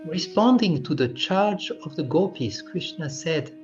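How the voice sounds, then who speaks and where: A man reading a devotional story aloud, taking it slowly and deliberately. His pitch rises and falls in a lively, sing-song way. The recording is muffled and lo-fi, with faint music playing underneath. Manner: slow, deliberate recitation. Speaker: scripture reader.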